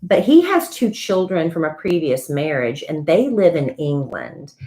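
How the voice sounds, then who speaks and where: Chatty low-voiced woman telling gossip. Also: big pitch swings, measured pace, warm tone. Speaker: podcast co-host. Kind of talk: casual chat.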